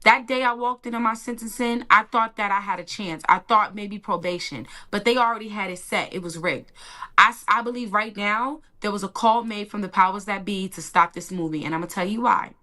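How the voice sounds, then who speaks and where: Woman, interview guest, animated storyteller, colloquial, bright tense voice. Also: medium pitch, a little fast. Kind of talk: emotional personal testimony.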